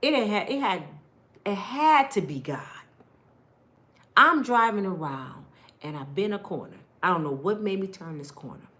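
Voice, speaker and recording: Brief: lively woman recounting a story to listeners, bright and forceful, swings from hushed to loud. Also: mid-range voice, normal speed. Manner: animated, acting out voices, laughs; colloquial, addresses listeners directly. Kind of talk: personal storytelling.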